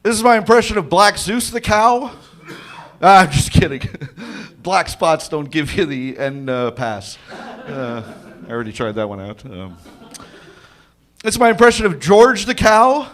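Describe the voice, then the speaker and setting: A man on a comedy club stage, talking slowly and rambling through a self-deprecating set. His voice sits high for a man and swings widely in pitch. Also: expressive, fairly bright tone. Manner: slow, rambling, self-deprecating delivery in a cow costume. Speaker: stand-up comic. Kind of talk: stand-up set at an open mic.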